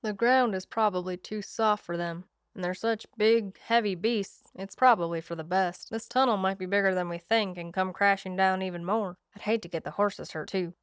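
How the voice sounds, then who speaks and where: A woman reading a gentle, teasing young man. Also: mid-range voice, moderate pace, few pauses, clear, resonant tone, no echo, clean studio sound, natural voice. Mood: tender. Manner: speaks quietly and softly. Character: young man, tender and teasing childhood friend.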